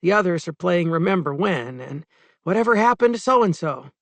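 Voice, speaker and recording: A man's voice: sits high, lively intonation, moderate pace, dry recording. A man putting on a rueful young woman. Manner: rueful, lightly self-mocking. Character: young woman, embarrassed, later defensive.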